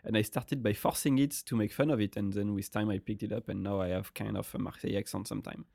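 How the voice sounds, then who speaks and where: A man with a French accent, a native French speaker, co-hosting a relaxed podcast chat in English. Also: lowish voice, fast talker, creaky, no room sound, studio quality. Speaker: podcast co-host. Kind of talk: casual conversational chat.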